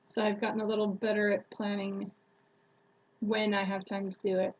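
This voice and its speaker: A woman's voice: mid-range voice, level tone, normal speed, dull audio. A woman YouTuber chatting casually on a live stream who laughs often and retells stories with acted-out quotes.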